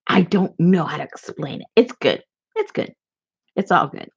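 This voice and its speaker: Chatty gravelly woman, lo-fi sound. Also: on the low side, normal speed. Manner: chatty, giggly, rambling. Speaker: crafter showing handmade gifts. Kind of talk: casual vlog chat.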